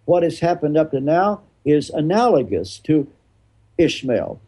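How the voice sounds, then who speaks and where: A man's voice: on the high side, sing-song, measured pace, dark tone. An older man, a retired pastor being interviewed, explaining his views emphatically and answering his own rhetorical questions.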